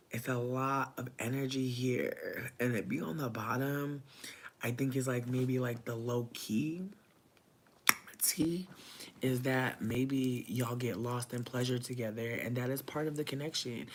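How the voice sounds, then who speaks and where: A man giving a casual livestream tarot reading, talking in loose slang, breaking into loud laughter and dropping to soft asides. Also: medium pitch, steady tone, a little slow, slight background noise. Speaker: tarot reader.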